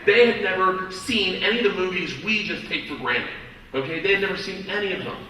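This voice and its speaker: A man doing stand-up, telling a story loudly, swearing and acting out the people in it, recorded in a large venue with a live audience. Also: high voice, fairly quick. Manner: loud, rowdy, swearing, acts out characters. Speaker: stand-up comedian. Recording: echoey live hall, mic heard from far, loud crowd.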